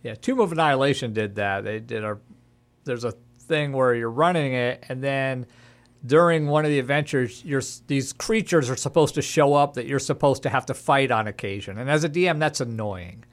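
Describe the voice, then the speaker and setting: A man's voice: mid-range voice, normal speed. A man hosting a casual gaming podcast who speaks as a dungeon master and gives his opinions bluntly.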